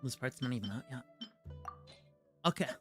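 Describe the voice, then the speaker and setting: A man's voice: medium pitch, lively intonation, normal speed, over music. A man streaming a game as a VTuber, chatting casually, exasperated and stumbling over words.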